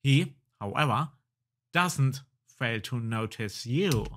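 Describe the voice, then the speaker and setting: A man's voice: mid-range voice, lively intonation, slow pace, slight background noise. A man hosting a let's play, reading game text aloud and muttering casual reactions.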